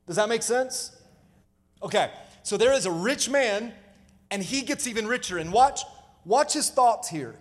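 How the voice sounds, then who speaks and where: A man's voice: sits high, expressive, measured pace, long pauses. A male pastor preaching a sermon, emphatic, calling out to the congregation for responses. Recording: live sermon with long hall reverb.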